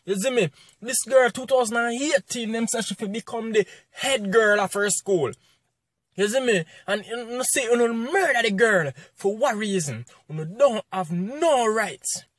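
A Jamaican man with a strikingly high-pitched voice vents in a heated, preachy commentary. He hammers his points with repeated rhetorical questions. The sound is dry and close, with no room around it. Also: measured pace, fairly bright tone, no room sound. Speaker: online commentator. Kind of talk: impassioned commentary rant.

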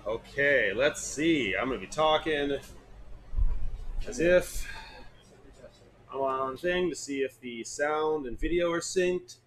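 A man's voice: on the high side, slow pace, pauses often, fairly bright tone, slight background noise. A man hosting a live wine tasting stream, chatting loosely and restarting his sentences while he checks the audio and video sync. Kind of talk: casual chat during a tech check.

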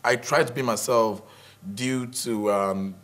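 Man, stand-up comic, loose chatty talk, middle pitch. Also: steady tone, slow, fairly bright tone. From Africa. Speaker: stand-up comedian. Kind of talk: casual interview talk.

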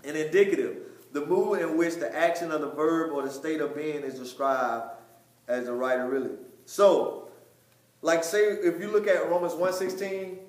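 A man teaching a Bible study, emphatic, often repeating words, with loud stressed points and quieter asides. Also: on the high side. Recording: echoey room.

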